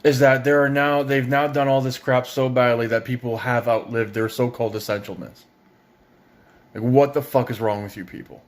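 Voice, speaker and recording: A man's voice: medium pitch, little pitch movement, a little fast, hardly any pauses. Angry, foul-mouthed man from Ontario. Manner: angry, sarcastic, swears heavily. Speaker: parent ranting on video. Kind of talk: profane political rant.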